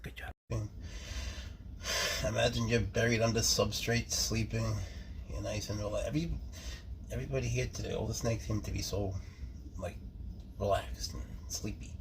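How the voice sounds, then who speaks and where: Gravelly-voiced man cooing over his snakes. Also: fairly low pitch, fairly even intonation, normal speed, long pauses. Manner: easygoing, doting baby talk to his snakes; drops to soft whispers at times. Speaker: snake keeper. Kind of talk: casual talk to camera while handling snakes. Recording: faint background noise.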